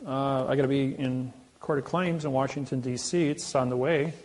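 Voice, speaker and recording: A man's voice: medium pitch, steady tone, moderate pace, a little mellow, a little hiss or hum. A man talking casually and boastfully about his legal exploits, rambling with frequent restarts. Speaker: self-styled legal advocate. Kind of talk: casual storytelling talk.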